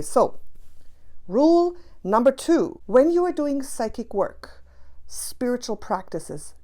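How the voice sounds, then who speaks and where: A woman's voice: mid-range voice, mellow. A woman teaching spiritual practice to camera, passionate and emphatic, repeating key phrases for stress.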